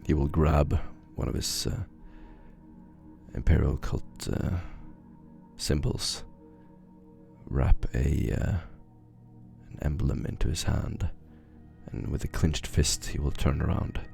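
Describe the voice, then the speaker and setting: A man narrating a tabletop game as game master, pausing often with fillers. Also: extremely low pitch, vocal fry, a little mellow, faint music behind. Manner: hesitant, with frequent fillers.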